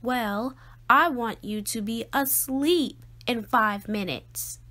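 A woman voicing a patient but tired mother who speaks calmly and firmly at bedtime. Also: fairly high pitch, slow, heavily acted. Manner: calm, firm.

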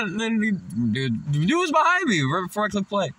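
A man's voice: high voice, sing-song, brisk, hardly any pauses, pushed and bright. A stoned man rambling loosely to the camera in a casual vlog, laughing often and drifting off topic. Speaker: vlogger.

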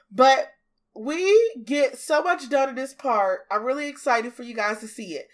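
Southern woman, somewhat high voice, stuffy congested nose; bubbly, playful casual chat. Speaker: gaming YouTuber. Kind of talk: casual chat over a build video.

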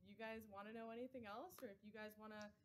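Young midwest gal, trainer type, easygoing chatty talk, normal pitch. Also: female voice, quick pace, slight background noise. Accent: Midwestern American. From Wisconsin, USA. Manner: chatty, relaxed, fond of "like". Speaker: assistant program manager and personal trainer at a fitness center. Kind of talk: casual video interview.

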